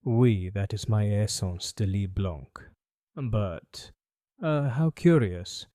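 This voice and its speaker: A man voicing a smooth, calculating French perfumer in an audiobook, with a French accent and a polite, evasive manner. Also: on the low side, animated, slow, dark tone, no room sound, clean studio sound. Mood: curious. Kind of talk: audiobook character voice.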